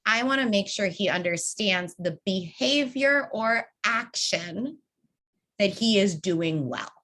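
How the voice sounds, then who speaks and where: A woman's voice: mid-range voice, animated, takes it slowly, sharp tone. A young adult woman leading an online training session, upbeat and conversational, speaking over a video call. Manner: upbeat, conversational, addresses group as y'all.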